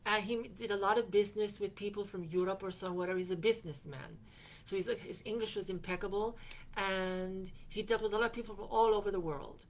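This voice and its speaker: Woman host rambling thru a travel story, lots of you-knows and restarts, mid pitch. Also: a little fast, a little hiss or hum. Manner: rambling, with frequent fillers and restarts; quotes other people in her retelling. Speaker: podcast host.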